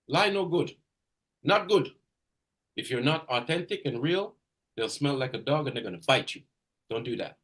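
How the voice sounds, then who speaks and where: A male sales coach leads a live training call, his pitch swinging widely as he drives each point home. He talks directly to a trainee, repeating key phrases and raising his voice for emphasis. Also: slightly rough. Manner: energetic and emphatic, loud bursts of emphasis. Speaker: real estate sales coach.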